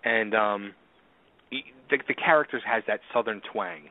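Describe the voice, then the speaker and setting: A man's voice: lowish voice, normal speed, no echo. Dry, tinny-sounding male radio host. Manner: conversational, stumbling starts, laughs along. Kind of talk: radio interview.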